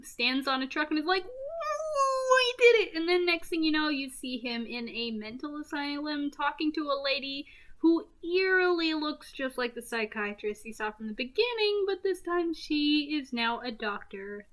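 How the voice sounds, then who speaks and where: Woman, casual movie recap, high bright voice, giggly and goofy. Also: lively intonation, moderate pace. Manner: giggly, goofy, self-mocking asides. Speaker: movie reviewer.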